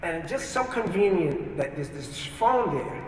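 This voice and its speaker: A man's voice: high-pitched, animated, measured pace, slight background noise. Earnest man telling his story in a hall. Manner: vivid, earnest storyteller who acts out his own past words. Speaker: speaker giving a testimony. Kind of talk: personal storytelling testimony. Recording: echoey hall, distant mic, archive.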